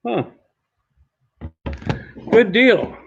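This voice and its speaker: A man working as an auctioneer on a livestreamed benefit auction, repeating bid calls in a steady chant and cracking jokes in between. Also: sits high, drawn-out words, vocal fry, breathy edge, muffled recording. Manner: repetitive bid-calling chant with joking asides.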